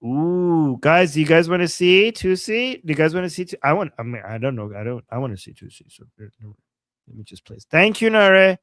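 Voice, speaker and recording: A man from Iran co-hosting a livestream, reacting excitedly to rally footage and reading chat messages aloud. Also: a little high, normal speed, no room sound. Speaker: livestream co-host. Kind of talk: live commentary on rally footage.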